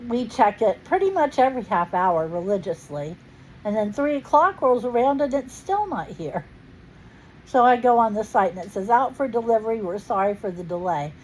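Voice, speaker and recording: A woman's voice: fairly high pitch, a little mellow, a little hiss or hum, poor audio. A middle-aged woman hosting a casual family chat at home, chatty and playful with frequent laughs. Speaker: host.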